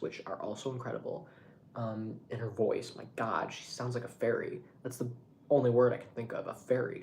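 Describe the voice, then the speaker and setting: A young man vlogging in a casual monologue, rambling and animated and swearing freely. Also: mid-range voice, slight background noise.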